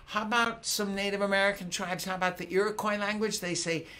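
A man's voice: high-pitched, normal speed, hardly any pauses, bright, forceful tone. An older man hosting a family concert, patiently teaching children simple greetings in call-and-response. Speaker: children's singer and concert host.

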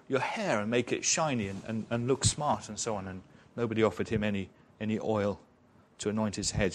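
A man preaching an expository sermon in church, retelling a story in a conversational way with rhetorical questions. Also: on the low side.

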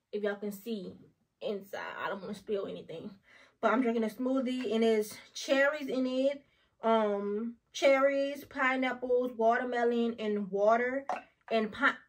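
Young woman with a fairly high voice, talking chattily to her viewers on camera from home. She tells stories in an animated, casual way, and her voice sounds a little distant from the mic. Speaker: vlogger. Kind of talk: casual vlog chat.

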